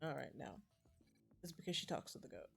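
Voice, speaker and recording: A woman's voice: low voice, expressive, fairly quick, gravelly, soft background music. A woman streaming a game, reading the dialogue aloud between chatty asides. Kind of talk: casual gameplay commentary.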